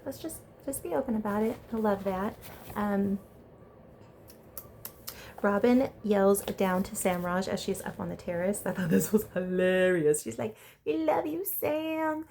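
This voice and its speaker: A woman's voice: medium pitch, vocal fry, darkish tone, a little hiss or hum. A woman casually recapping a reality TV episode, gossiping and acting out what the contestants said. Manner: chatty, gossipy, acts out quotes with laughs. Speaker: reality TV reviewer.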